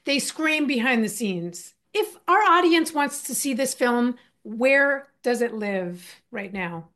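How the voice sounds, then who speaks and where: A woman interviewing a guest, asking brisk, encouraging questions. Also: fairly high pitch, expressive, a bit bright.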